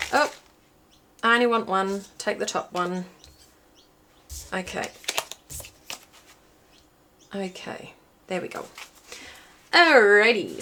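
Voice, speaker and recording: The background is noisy, and the woman's medium-pitched voice has a gravelly edge. An intuitive card reader, she gives a chatty pick-a-card reading for viewers, thinking aloud as she pulls cards and films herself watching a small screen.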